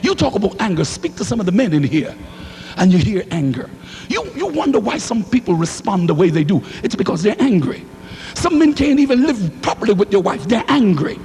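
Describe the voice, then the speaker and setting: A man preaching a sermon in a church, swinging into shouted lines and calling for responses from the congregation. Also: high-pitched, big pitch swings, brisk. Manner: fiery, rising to shouts, call-and-response. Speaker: pastor. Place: church sanctuary. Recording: hall reverb, faint hum.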